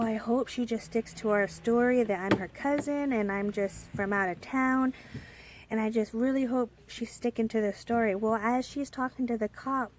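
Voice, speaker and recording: A woman's voice: fairly high pitch, darkish tone, slight background noise. A young woman telling a personal story in a casual storytime vlog, rambling with many fillers and restarts. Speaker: storyteller vlogger.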